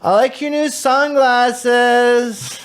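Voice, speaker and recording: A man putting on the voice of a spaced-out young junkie who talks slowly and dazedly, as if underwater. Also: very high-pitched, steady tone, clean tone, pitched above the performer's own voice, heavily acted. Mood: dreamy. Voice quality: slow, dazed, mumbling drawl. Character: spaced-out young male junkie, numb and vague.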